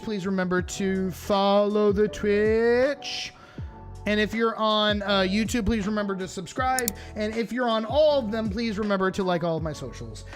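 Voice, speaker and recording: A man streaming live, chatting casually and playfully with his audience while reacting to videos. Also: high-pitched. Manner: chatty, playful, talks straight to his chat.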